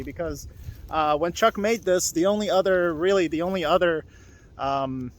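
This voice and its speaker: High-pitched and fairly bright, a young Hot Wheels vlogger rambles through a casual solo vlog in a forest. He's slightly out of breath from walking, and his loose, chatty manner is packed with fillers and restarts.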